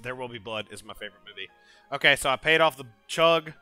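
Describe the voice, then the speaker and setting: A man's voice: mid-range voice, fast, bright, forceful tone, smooth, soft background music. A man hosting a casual gaming stream, laughing often and teasing his co-hosts. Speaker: podcast host.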